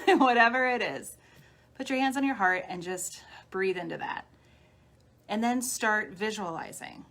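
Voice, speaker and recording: A woman healer giving a live-streamed talk, guiding listeners gently through steps like a coach. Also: mid-range voice, a little slow. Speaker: spiritual healer. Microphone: phone or webcam on a live stream.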